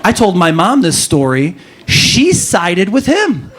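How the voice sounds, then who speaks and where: A man performing a stand-up comedy set, telling stories with animated, rising punchlines. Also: slow pace. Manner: animated storytelling, jumps to high pitch for punchlines.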